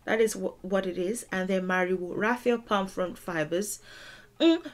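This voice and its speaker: A woman teaching a language lesson, explaining song lyrics in a deliberate, emphatic way and repeating words for stress. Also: medium pitch.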